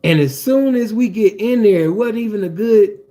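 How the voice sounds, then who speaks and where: A man with a high-pitched voice tells a profane personal story in loose, casual talk. He keeps it animated and peppers it with fillers as he goes. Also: normal speed.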